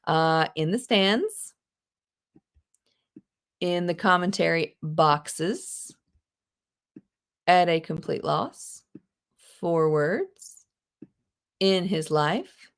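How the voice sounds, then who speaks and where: A woman teaching a live online English class, animated and chatty, with gasps and quick asides to her students. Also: on the low side, smooth. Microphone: video call.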